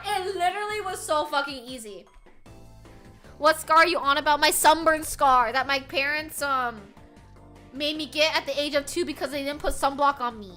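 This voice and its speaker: A young adult woman streamer chatting casually with her viewers, loud and animated, often yelling and laughing, with a sore throat. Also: high-pitched, normal speed, faint music behind. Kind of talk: casual live-stream chat.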